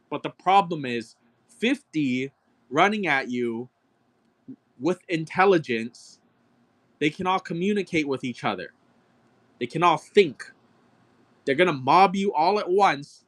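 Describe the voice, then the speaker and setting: A man hosting a live-stream auction, talking in an excitable, argumentative rant full of swearing. His voice sits a little higher than most men's, and he hammers his points home to the chat. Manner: profane, excitable, argumentative ranting.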